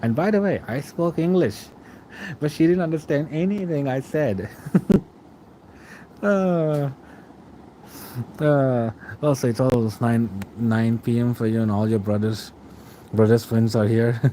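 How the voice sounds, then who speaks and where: A man's voice: medium pitch, unhurried, pauses often, warm tone, slight background noise, rough recording. A young man streaming late at night, reading out chat and answering in a rambling, casual way with frequent chuckles.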